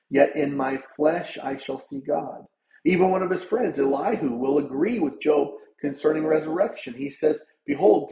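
A man's voice: medium pitch, vocal fry. A man preaching a sermon with earnest, conversational emphasis, his voice lifting when he drives a point home. The room around him is echoey, and the sound is a bit dull and muffled. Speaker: pastor.

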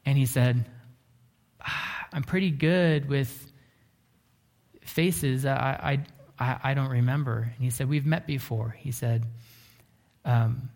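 A man preaching a sermon, telling a story earnestly, slowing down and dropping to a hush for emphasis. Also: mid-range voice, fairly even intonation, gravelly. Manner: earnest, often slows down and drops to a hush for emphasis. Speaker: pastor.

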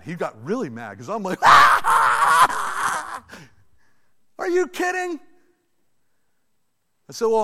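A man preaching a sermon to his church, in a lively, conversational way with asides to the congregation. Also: high voice. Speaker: pastor. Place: church sanctuary. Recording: long reverb of a large hall.

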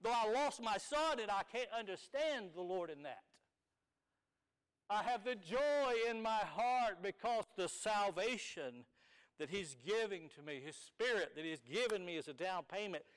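High, clear-voiced male preacher. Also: lively intonation, unhurried, rough recording. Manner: emphatic, swings from soft to loud; explains Hebrew and Greek words. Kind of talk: sermon.

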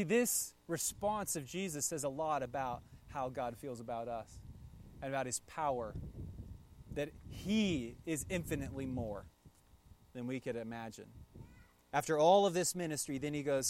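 A man preaching a conversational sermon as pastor, telling the story in a relaxed way with playful asides. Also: fairly high pitch, normal speed, pauses often.

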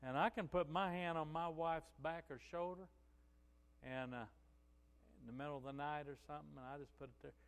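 A man's voice: fairly high pitch, steady tone, fairly quick, smooth, in a large hall. A male pastor preaching a sermon in a conversational storytelling way, with frequent "you know" asides.

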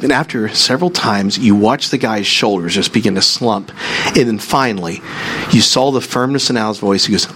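Animated storytelling male preacher. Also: moderate pace, slight background noise. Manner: animated storytelling, rising high when excited. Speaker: pastor. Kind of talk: sermon with storytelling.

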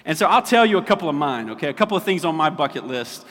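A male pastor gives a relaxed, conversational sermon, often pausing to check that his congregation is following. His voice sits fairly high for a man. A long reverb from a large church hall trails each phrase. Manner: chatty, checks in with the audience often.

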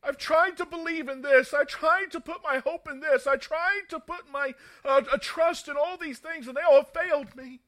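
A man's voice: very high-pitched, moderate pace, hardly any pauses, fairly bright tone, voice pushed up. A man preaching acts out a desperate father who weeps and pleads for help for his son. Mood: desperate pleading. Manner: pleading, breaking, emotional.

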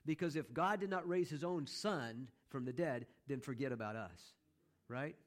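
A middle-aged man preaching a sermon, emphatic, repeating key phrases and slowing down to stress them. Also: medium pitch. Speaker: pastor.

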